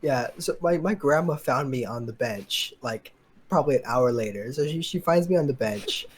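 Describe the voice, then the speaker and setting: A man's voice: medium pitch, animated, moderate pace, husky. A young man co-hosting a podcast, telling a long story in a casual, rambling way with lots of fillers and quoted dialogue. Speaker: podcast co-host.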